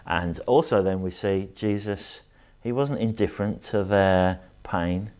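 A man preaching a sermon and reading scripture aloud, earnest and reflective, slowing down to stress key words. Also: sits low, steady tone, a little mellow. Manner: earnest, reflective, slows down for emphasis.

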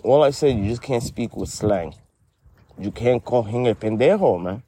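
A man co-hosting a comedy podcast, playing the dry, deadpan straight man in a sketch. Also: medium pitch, moderate pace, husky.

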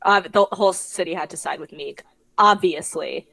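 A young woman co-hosting a podcast, chatting casually and gossiping with quick asides. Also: lowish voice, vocal fry, bright, forceful tone. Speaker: podcast co-host. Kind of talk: casual chat.

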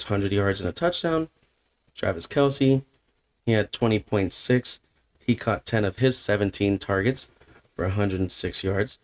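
A man's voice: fairly low pitch, no echo. A man hosting a podcast, giving a blunt and opinionated fantasy football recap. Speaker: podcast host.

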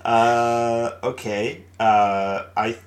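A man's voice: mid-range voice, level tone, very slow. A man co-hosting a casual podcast chat, laughing often and hesitating with fillers. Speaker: podcast co-host.

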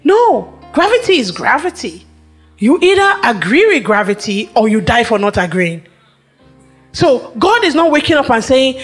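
A woman preacher delivers a sermon in a high voice. She builds rhythmic, repeated phrases and leans on emphatic pauses. Faint music plays underneath. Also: big pitch swings, breathy edge.

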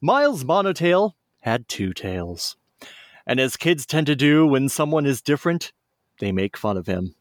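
A man's voice: mid-range voice, very animated, measured pace, dry recording, clean studio sound. A man who co-hosts a podcast, reading a children's story aloud in a playful way and chatting casually. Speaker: podcast co-host.

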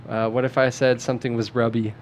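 A man's voice: medium pitch, level tone, quick pace, a little hiss or hum. Man quizzing friends on slang. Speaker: podcast host. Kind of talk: casual chat.

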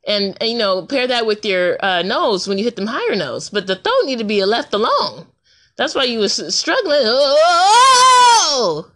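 A woman talking casually into a recorder, telling a story in an animated, colloquial way and laughing often. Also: moderate pace. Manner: animated storytelling, jumps high for reactions. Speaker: podcaster. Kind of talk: casual monologue. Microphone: handheld recorder.

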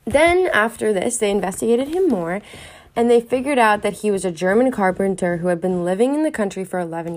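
Chatty young woman hosting a podcast. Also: medium pitch. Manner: chatty, wondering aloud, many fillers. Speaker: podcast host. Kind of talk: casual true-crime storytelling.

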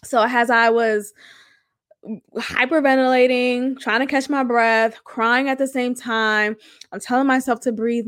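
A woman with a fairly high voice talks straight into a close mic in a dry, deadened room. She hosts a podcast and shares a personal story in a candid, emotional, rambling way. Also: moderate pace, a bit bright, dry recording. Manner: candid, emotional, conversational with many fillers. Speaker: podcast host.

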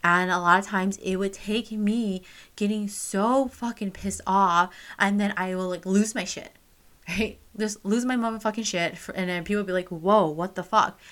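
A woman's voice: mid-range voice, fairly even intonation, moderate pace, a bit bright. A young woman telling a personal story straight to camera, candid and casual, swearing freely and full of fillers. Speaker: vlogger.

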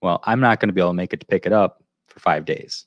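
A man's voice: low-pitched, fast, no echo, dull audio. A man co-hosting a podcast, telling a long story in casual chat and looping back with "so anyway.". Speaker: podcast co-host.

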